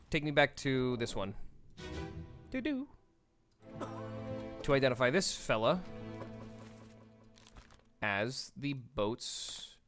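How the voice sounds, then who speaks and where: A man's voice: medium pitch, a bit bright. A man streaming a game, thinking aloud in a playful, rambling way and swearing casually as he talks to chat.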